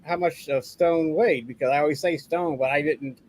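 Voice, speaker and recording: A man co-hosting a casual podcast, talking in halting, rambling sentences. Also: on the high side, a little mellow, rough recording. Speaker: podcast co-host. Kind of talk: casual chat.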